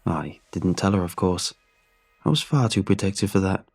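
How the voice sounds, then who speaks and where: A man reading a horror story in measured, somber scripted narration. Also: deep voice, expressive, creaky, a little mellow, slightly rough. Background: faint music.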